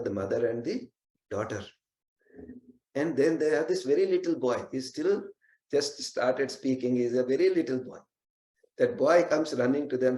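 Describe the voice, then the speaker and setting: A man's voice: mid-range voice, warm tone. Male devotional storyteller, earnest, recites verses, mid voice, echoey room. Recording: roomy echo.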